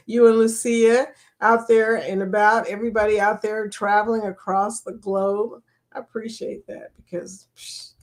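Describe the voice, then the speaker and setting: Older lady doing a live chat, reads comments out loud, teases folks, laughs a bunch. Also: medium pitch. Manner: chatty, teasing, laughs often. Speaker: live stream host. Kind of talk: casual live chat, reading viewer comments.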